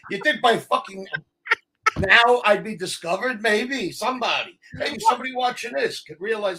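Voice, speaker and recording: A middle-aged man, an actor guest telling stories in a casual interview, blunt and animated. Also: high voice, normal speed.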